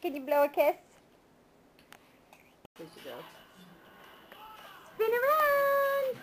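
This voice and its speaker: A woman's voice: sits high, huge pitch swings, unhurried, dark tone. A woman filming a baby at home and coaxing it in sing-song baby talk.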